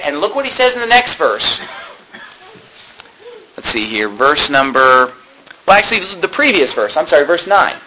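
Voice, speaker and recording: A male pastor preaching a sermon, impassioned and animated, with mocking asides. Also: high-pitched, slight background noise, rough recording.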